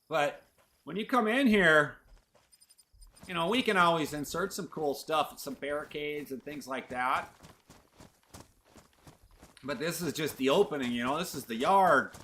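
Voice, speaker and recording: A man's voice: on the high side, measured pace, long pauses, sharp tone, a little hiss or hum. A man streaming a video game, rambling playfully to his chat as he plays. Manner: rambling, playful, talks to chat while playing. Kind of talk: casual gameplay commentary.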